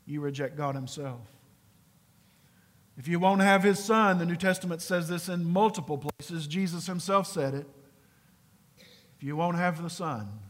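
A high-voiced man preaching slowly and deliberately, earnest and pleading. He often sinks to a hushed near-whisper to drive a point home. His voice rings with long reverb in a large church hall. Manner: earnest, pleading, dropping to a hushed low voice for emphasis. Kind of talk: sermon.

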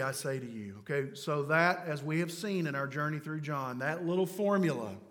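Guy preaching, slow and emphatic, high voice, big reverb hall. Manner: emphatic, rising to loud declarations. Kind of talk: sermon.

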